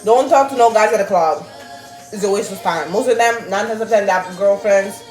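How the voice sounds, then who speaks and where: A young woman, telling a story casually to her viewers in an animated, swearing manner and laughing often. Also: medium pitch, a little fast. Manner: animated, swearing, laughing, reading chat aloud. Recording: roomy with faint music.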